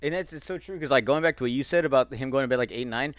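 A man's voice: medium pitch, very fast, no echo, studio quality. A young man as a podcast guest, telling eager stories in casual chat with some swearing.

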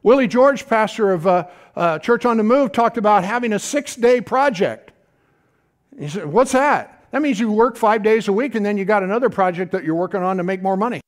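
A middle-aged man preaching a sermon in a folksy, animated way, tossing out asides to the congregation. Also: sits high, a little fast. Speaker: pastor.

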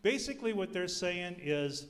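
A man giving a sermon, telling stories with humor in an animated way. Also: sits high, normal speed. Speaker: youth ministry speaker. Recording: long hall reverb.

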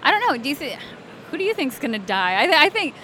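Giggly woman with a bright sharp voice, chatting away, faint street noise behind. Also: high-pitched, very animated, fast talker. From Alabama, US. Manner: bubbly and giggly, many fillers. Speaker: interviewee, voice actress and cosplayer. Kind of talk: casual interview chat.

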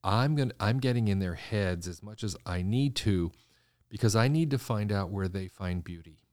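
A man, a designer guest in an interview, telling stories in an animated way and acting out the voices of people he quotes. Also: on the low side, moderate pace, no echo, clean studio sound. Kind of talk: conversational interview storytelling.

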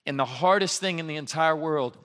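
Bright-voiced man preaching conversationally. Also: a little high, a little fast. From Alabama. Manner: conversational, animated storytelling with laughs. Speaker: pastor. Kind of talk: sermon.

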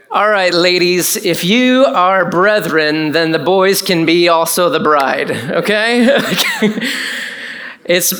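Man, pastor, conversational sermon, animated asides. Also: sits high.

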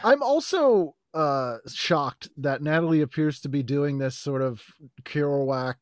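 A man co-hosting a podcast, chatting casually and making wry, quick asides. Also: a little high, animated, no room sound, studio quality. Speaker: podcast co-host. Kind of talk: casual chat.

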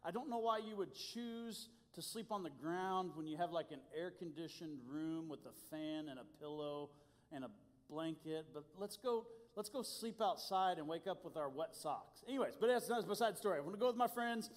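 High-voiced man preaching in a reverberant hall. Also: normal speed. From Indiana. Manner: animated storytelling, self-deprecating. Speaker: youth pastor. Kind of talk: sermon.

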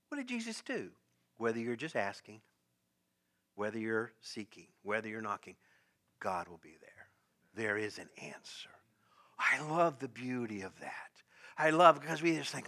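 A man's voice: medium pitch, lively intonation, moderate pace, long pauses, bright, forceful tone. A man preaching a sermon, acting out quoted voices and often laughing as he speaks. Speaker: pastor.

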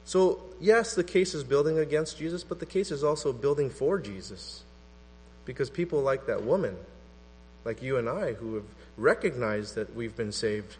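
A man preaching a sermon in an animated, conversational way, acting out quotes as he goes. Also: medium pitch, moderate pace. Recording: long hall reverb with mains hum.

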